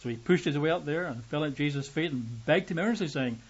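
A man's voice: fast talker, hardly any pauses, breathy edge, muffled recording. A man preaching a sermon, reading scripture and explaining it conversationally, acting out the quoted voices. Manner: conversational, acts out quoted voices with rising pitch.

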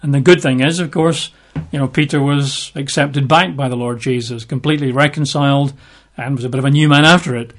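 In a conversational sermon, this man reads scripture and keeps things chatty with wry remarks in between. His mid-range voice stays steady and runs a little fast.

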